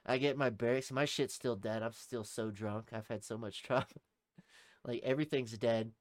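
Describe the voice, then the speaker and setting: A man's voice: fairly low pitch, steady tone, fairly quick, dry recording. Young man telling a rambling, profane story. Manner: profane, rambling, laughs through his story. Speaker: podcast co-host, former Army private. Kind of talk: casual storytelling.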